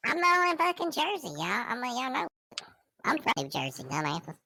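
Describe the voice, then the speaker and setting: A man's voice: very high voice, huge pitch swings, moderate pace, sharp tone, dry recording, voice pushed up, full character voice. A man doing a brash, boastful male cohost voice in comic podcast banter, full of cocky trash talk.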